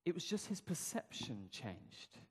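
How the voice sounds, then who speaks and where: A man's voice: on the high side, big pitch swings, unhurried, breathy edge, in a large hall. A man preaching a sermon, telling the story conversationally with rhetorical questions.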